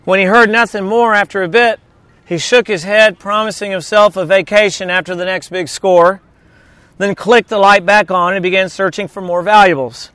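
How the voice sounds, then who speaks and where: A man's voice: sits high, steady tone, moderate pace, bright, forceful tone, no room sound. A man preaching a sermon in a conversational, storytelling way, mixing humor into scripture reading. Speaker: pastor.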